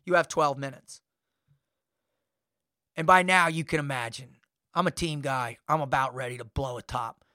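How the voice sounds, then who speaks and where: A man's voice: mid-range voice, a little fast, pushed and bright, no room sound, studio quality. A man hosting a podcast, telling a story in an emphatic, fired-up way with repeated phrases. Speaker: podcast host. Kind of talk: storytelling monologue.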